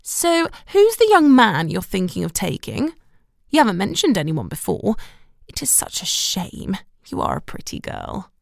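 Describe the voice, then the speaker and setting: Disapproving mum, read by a woman, tart and reproachful, gravelly edge, close dry recording, audiobook. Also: medium pitch, wildly swooping pitch, normal speed, no room sound. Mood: critical. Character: bitter, disapproving middle-aged mother. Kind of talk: audiobook character reading.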